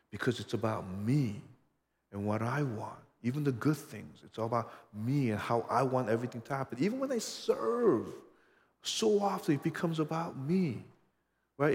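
A man preaching as pastor, earnest and emphatic, leaning on rhetorical questions. His voice sits at an ordinary middle pitch. The sound trails off in the long reverb of a large hall. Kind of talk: sermon.

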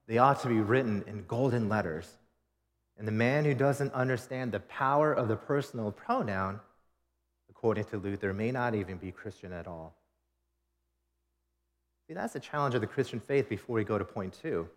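A male pastor delivers an emphatic sermon at an average pitch, his voice trailing off into a long hall reverb. He swings between forceful declarations and hushed, personal asides. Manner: emphatic preaching with rising and falling intensity.

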